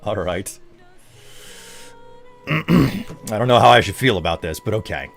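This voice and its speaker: A man streaming a game and chatting casually with himself, relaxed and jokey. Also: on the low side, unhurried, creaky. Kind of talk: casual gameplay commentary. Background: faint music and keyboard typing.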